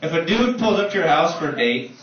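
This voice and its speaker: A young man doing a stand-up comedy set on a club stage, swearing a lot and telling stories in an animated way, with audience laughter behind him. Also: a little high. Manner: profane, animated, fast storytelling. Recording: far-off roomy muffled audio with background noise.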